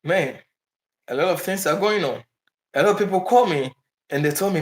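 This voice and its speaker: A man's voice: sits high, lively intonation, moderate pace, long pauses. Man talking casually in a roomy space. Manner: loose and conversational, with frequent restarts. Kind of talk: casual monologue to camera. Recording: roomy echo.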